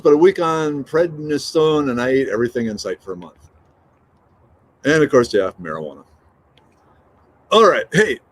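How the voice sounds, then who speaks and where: A man's voice: on the high side, a little hiss or hum. A middle-aged man chatting casually on a morning livestream, reading out comments and joking. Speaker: livestream host.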